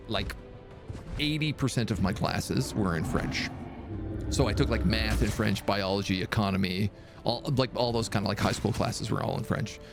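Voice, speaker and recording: A man's voice: fairly low pitch, gravelly. A man streaming a strategy game live, chatting and rambling through stories with frequent laughter. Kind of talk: live gameplay commentary and storytelling.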